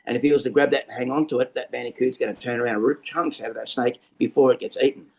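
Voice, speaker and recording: An Australian man, a snake catcher, explaining things over a video call in a lively storytelling way. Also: medium pitch, fast talker, vocal fry, poor audio. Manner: lively storyteller who acts out scenes. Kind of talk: casual explanatory interview talk.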